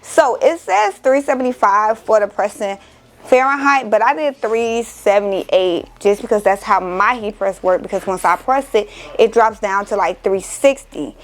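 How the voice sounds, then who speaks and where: A young crafting vlogger from Miami chats casually and emotionally with her viewers, calling them y'all and exclaiming often. Her voice is medium-pitched at a moderate pace, on a low-quality recording.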